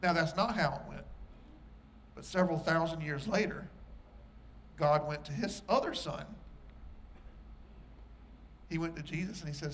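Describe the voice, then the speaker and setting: Male preacher, sermon, earnest storyteller, emphatic, voice a touch high. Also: measured pace, long pauses, a bit bright, a little hiss or hum.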